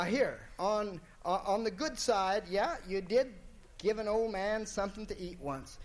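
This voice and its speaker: A man voicing a stern but sorry saint at heaven's gate, firm and folksy. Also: high voice. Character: stern male gatekeeper saint.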